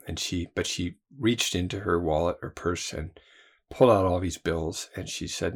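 A man's voice: low-pitched, moderate pace, breathy edge. A man, a Christian trainer and theologian, telling a personal story in a rambling way with many fillers and restarts.

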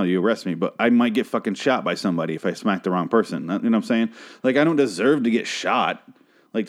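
Speaking in a fairly low pitch, this man recaps a TV episode as a loose monologue full of profanity and tangents. Now and then he stops to perform the characters' lines in lively voices.

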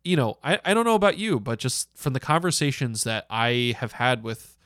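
A young man co-hosting a podcast, talking in a loose, animated way with frequent ums and quick laughs. His voice sits in a middle range and is recorded close and dry, with no room sound. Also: medium pitch, no room sound. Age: young adult. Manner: animated, laughs often, many fillers. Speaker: podcast co-host. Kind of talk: casual podcast chat.

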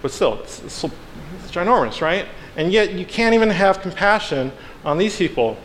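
A man delivers a relaxed, conversational sermon and slips into the characters' voices as he retells the story. His voice sits a little higher than most men's. It carries a long reverb from the hall, with faint noise underneath. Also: moderate pace. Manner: animated storytelling, acts out characters with playful asides. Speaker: preacher. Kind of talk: casual sermon.

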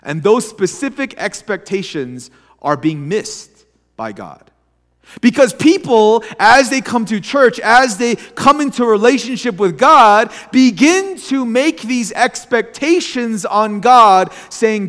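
A man's voice: very high voice, big pitch swings, takes it slowly, a bit bright, long reverb tail. A man preaching a sermon as a pastor in a church, talking in a conversational way with frequent restarts and small acted asides. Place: church sanctuary.

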